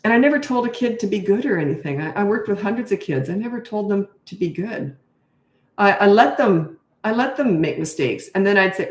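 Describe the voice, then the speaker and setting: A woman's voice: mid-range voice, lively intonation, fairly quick. A middle-aged woman parenting coach giving blunt, emphatic advice in a live question-and-answer talk, acting out what she says to children, sounding tired. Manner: blunt, emphatic, acts out her own replies to kids. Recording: echoey room.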